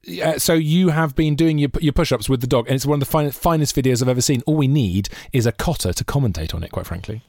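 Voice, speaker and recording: A man's voice: medium pitch, fast talker, gravelly, hardly any pauses, no echo, studio quality. A Welsh man co-hosting a podcast, chatting casually and telling jokey stories with lots of laughter. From Wales. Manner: jokey, animated storytelling, often laughing. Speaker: podcast co-host. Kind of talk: casual chat.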